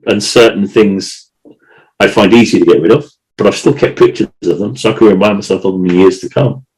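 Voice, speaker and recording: Rambling emotional man, low-pitched. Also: a little fast, darkish tone, poor audio. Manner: emotional, rambling, many restarts and repeated words. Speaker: podcast co-host. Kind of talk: casual chat.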